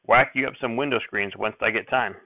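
A man voicing an excitable, cranky old rural grandfather who talks in folksy dialect and repeats his exclamations. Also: medium pitch, a little fast, vocal fry, no room sound, phone-quality sound, natural voice. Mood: jovial.

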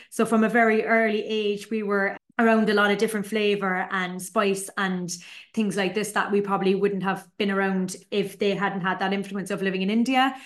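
A woman talks through her memories in a relaxed, chatty way, full of colloquial asides. Her voice sits in the middle of the range for a woman, neither high nor low. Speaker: podcast host, chef and business owner. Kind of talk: casual storytelling.

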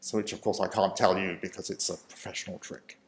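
A man's voice: low voice, level tone, fairly quick, a little hiss or hum. A man and preacher telling his life story as a personal testimony in a self-deprecating way, often chuckling. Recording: roomy echo.

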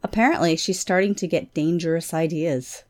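A man reading aloud and voicing a gracious noblewoman who speaks softly with a wry, gentle manner. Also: a little high, normal speed, pitched above the performer's own voice, natural voice.

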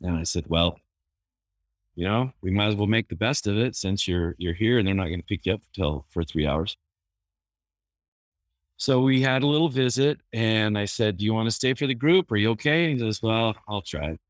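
A therapist chats casually, a man with a somewhat low voice who drifts through anecdotes with easy fillers. The sound is dry and close, with no room around it. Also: lively intonation, moderate pace, dry recording. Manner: easygoing, anecdotal, many fillers. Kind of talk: casual storytelling.

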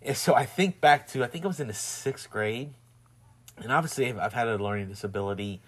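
Man, Southern twang, halting, rambling storyteller who laughs often, mid-pitched. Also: slightly rough. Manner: rambling, halting, many restarts; laughs often while telling stories. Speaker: husband and father. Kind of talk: casual chat.

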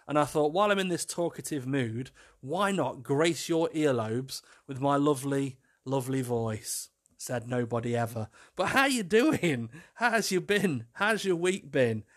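A man, hosting a casual solo podcast, chatty and self-mocking, laughing often as he tells stories. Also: medium pitch. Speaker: podcast host.

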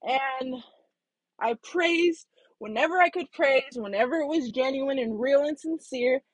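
A woman vlogging, telling a personal story candidly, swinging between hushed asides and loud bursts, with some swearing. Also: sits high, unhurried, dry recording. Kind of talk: casual storytelling monologue.

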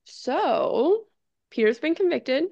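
A woman's voice: high-pitched, big pitch swings, slow pace, creaky, a little mellow, dry recording, dull audio. A woman co-hosting a podcast, recounting a true-crime case in casual chat, often tripping over foreign names and laughing it off. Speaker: podcast co-host.

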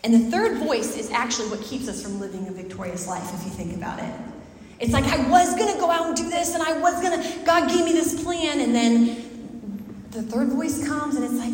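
A woman pastor giving a sermon in a conversational, lively way, laughing and acting out little asides. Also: high-pitched, normal speed, a little hiss or hum. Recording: very echoey hall, mic far off, faint ambience.

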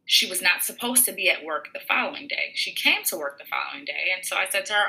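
A woman tells a story from her own life and acts out each exchange as she goes. Her voice sits a little low but has a very bright, forward tone. The retelling stays lively throughout. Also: fast, gravelly, rough recording. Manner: animated retelling with quoted voices. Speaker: podcaster telling a personal story. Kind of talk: personal storytelling.

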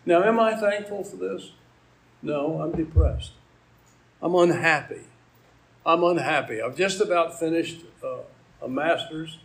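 A man's voice: fairly high pitch, moderate pace, gravelly, poor audio. An older man from Maryland preaching a sermon, telling a personal story and quoting scripture. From Maryland, USA. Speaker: pastor.

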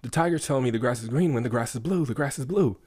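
A man voicing a boastful, stubborn male donkey in a spoken fable, chanting in a raised, shrill voice. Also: quick pace, a little mellow, close to an everyday voice. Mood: insistent.

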